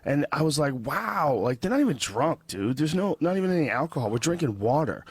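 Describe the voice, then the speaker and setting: A man hosting a podcast, telling a story in relaxed, chatty conversation. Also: fairly high pitch, fast, slightly rough, no room sound. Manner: relaxed, chatty, puts on mock accents when quoting. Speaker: podcast host. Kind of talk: casual storytelling chat.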